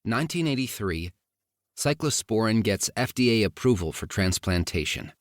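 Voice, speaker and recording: A man narrating a first-person memoir audiobook in a measured, even reading. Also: lowish voice, dry recording, clean studio sound.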